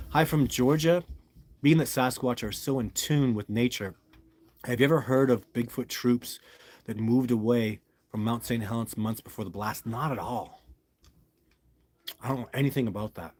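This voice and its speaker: A man's voice: mid-range voice, unhurried, a little mellow. A man hosting a casual live stream, reading viewer comments aloud and rambling enthusiastically while talking straight to the viewer. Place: at home with a dog nearby.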